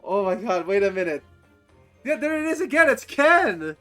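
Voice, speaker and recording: A male streamer commenting live on a game, excitable and swearing, with sudden loud outbursts. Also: high-pitched, normal speed, faint music behind.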